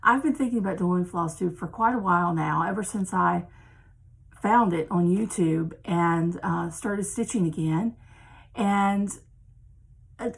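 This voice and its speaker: A woman's voice: mid-range voice, vocal fry, breathy edge, low-quality recording. A woman in her fifties, from Maryland with an accent picked up from South Carolina, chatting casually as a cross-stitch vlogger, rambling with frequent ums. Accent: mixed Maryland and South Carolina. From Maryland, USA. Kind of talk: casual chat to camera.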